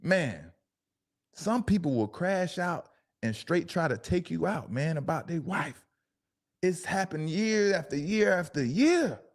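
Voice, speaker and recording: Animated man riffing on a clip. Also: on the high side. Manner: animated, laughing, drawn-out emphatic asides. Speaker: show host. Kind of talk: casual commentary on a clip.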